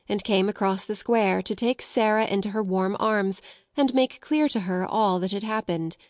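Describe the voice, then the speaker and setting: A woman reading a classic children's novel aloud, narrating gently and lifting her voice for the characters. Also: mid-range voice, dry recording, dull audio. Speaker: audiobook narrator.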